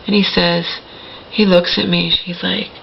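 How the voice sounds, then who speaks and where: A woman's voice: on the low side, little pitch movement, unhurried, vocal fry, highs cut off, a little hiss or hum. A middle-aged woman telling a personal story to the camera in a rambling, emphatic way, often checking in with "okay?". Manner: rambling, emphatic, repeats "okay?" and self-corrects. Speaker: vlogger.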